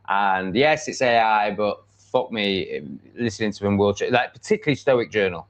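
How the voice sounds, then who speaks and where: Rambling, blunt Englishman on a livestream. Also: medium pitch. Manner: rambling, blunt and self-assured, with many fillers. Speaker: livestream host. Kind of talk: casual live chat. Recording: dull lo-fi stream audio.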